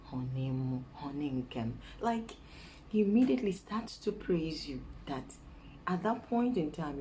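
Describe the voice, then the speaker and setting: A young Nigerian woman with a Nigerian accent, giving chatty dating advice in a casual vlog and dropping into a soft coaxing voice to act out sweet talk. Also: on the low side, slight background noise, poor audio.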